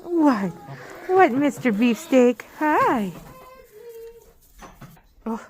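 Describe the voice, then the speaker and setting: A woman's voice: a little high, animated, normal speed. A woman on a ranch chatting casually while doing chores, cooing at the animals in a sing-song baby-talk voice. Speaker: ranch vlogger. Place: outdoors at a windy ranch barn. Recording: wind noise and farm animals. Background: wind and livestock.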